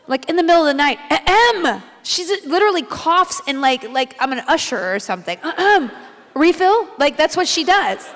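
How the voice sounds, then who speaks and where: A woman from Texas answers questions on a convention panel, bubbly and self-mocking. Her voice is high and bright in pitch. The sound carries a long echo from a large theater. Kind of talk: casual panel Q&A. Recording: echoey hall.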